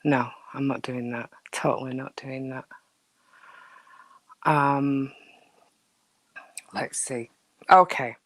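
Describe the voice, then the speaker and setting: A woman's voice: extremely low pitch, slow pace, vocal fry, pauses often, no echo. A woman hosting a casual live stream, chatting with viewers in a rambling way, often dropping to a near whisper, with a dry throat. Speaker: livestream host.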